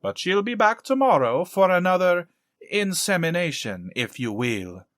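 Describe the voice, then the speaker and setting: A man plays a smooth, polite, creepy character, smiling the whole way through in a suave full character voice pitched above his own. It sits high, sing-song, a little slow and a bit bright, recorded dry with clean studio sound.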